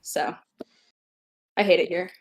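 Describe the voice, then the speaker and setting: A woman's voice: fairly low pitch, slow pace. A woman from Arizona chatting and laughing with friends in a casual group voice call. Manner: giggly, chatty storytelling. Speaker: book club member.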